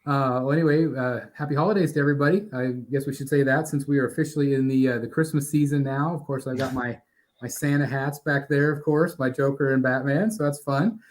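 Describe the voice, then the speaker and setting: A man's voice: medium pitch, steady tone, fairly quick. A man hosting a live collectors' show, upbeat and welcoming, a little scattered and out of breath. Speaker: host.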